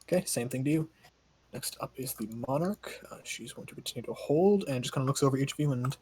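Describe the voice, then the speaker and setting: A man running a tabletop game as game master, briskly reading out rules, his voice starting to give out. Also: medium pitch, darkish tone, slight background noise. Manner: brisk, reads rules aloud. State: voice giving out.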